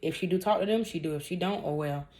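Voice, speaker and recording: A woman's voice: lowish voice, quick pace, a little mellow. A young woman in her twenties talks straight to her viewers in a casual storytime Q&A, candid and blunt. She leans hard on her points and drops joking asides between viewer questions. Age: 20s. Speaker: vlogger answering viewer questions.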